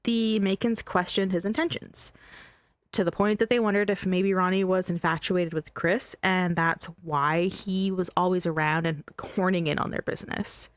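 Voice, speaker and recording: A woman's voice: lowish voice, fairly even intonation, moderate pace, dry recording. Woman host, chatty and emphatic, telling true crime on a dry close mic. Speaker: podcast host. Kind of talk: casual true-crime storytelling.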